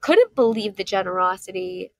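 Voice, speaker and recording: Animated woman telling a story, dry mic. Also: moderate pace, no echo. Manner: animated, acts out quotes with jumps in pitch. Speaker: podcast guest. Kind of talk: casual storytelling in a podcast interview.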